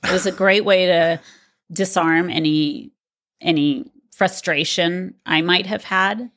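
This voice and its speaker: A woman's voice: fairly low pitch, slow pace, fairly bright tone. A middle-aged woman co-hosting a podcast, talking in a reflective, earnest way. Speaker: podcast co-host. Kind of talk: casual podcast conversation.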